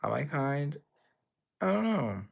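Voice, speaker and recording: A man's voice: on the high side, big pitch swings, slow, vocal fry, breathy edge. A young man hosting a livestream, reading chat messages aloud and answering them in a rambling, playful way. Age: young adult. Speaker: livestream host.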